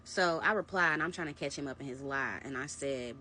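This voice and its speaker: A young adult woman narrating a personal story to her viewers in a casual, animated storytime vlog. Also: extremely low pitch, a little fast, hardly any pauses, a little hiss or hum. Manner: animated, conversational storytelling, addressing viewers as "y'all". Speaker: vlogger.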